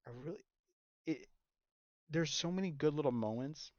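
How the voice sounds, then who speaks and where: A man's voice: a little high, moderate pace, no room sound. A man co-hosting a casual podcast chat, rambling and laughing often. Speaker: podcast co-host. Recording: dull lo-fi mic.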